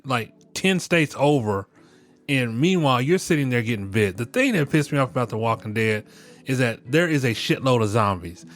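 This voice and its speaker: A man's voice: medium pitch, a bit bright. Man hosting a joking podcast rant. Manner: laughing, joking, profane rants. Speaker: podcast host. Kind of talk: casual podcast commentary.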